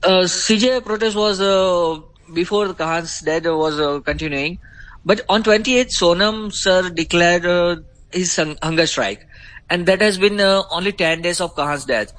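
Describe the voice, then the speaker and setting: A middle-aged man with an Indian accent, a grieving father answering interview questions in a halting way with many pauses. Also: high-pitched, a bit bright, low-quality recording.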